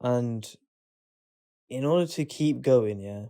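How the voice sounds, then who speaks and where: A man co-hosting a casual podcast, speaking at a middle pitch. He talks in a relaxed, musing way and often lets his sentences trail off. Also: takes it slowly. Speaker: podcast co-host. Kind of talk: casual chat.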